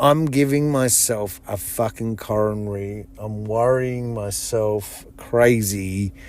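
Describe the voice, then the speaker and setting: A man talking alone on his podcast in a rambling, heavily profane way, his voice jumping up when he retells stories. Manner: excitable, pitch jumps up in retold stories. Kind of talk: casual solo podcast monologue.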